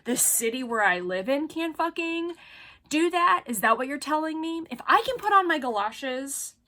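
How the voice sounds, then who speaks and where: A woman's voice: high-pitched, expressive, normal speed, sharp tone. A woman venting in an emotional vlog, angry, sarcastic and swearing as she rants. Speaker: vlogger.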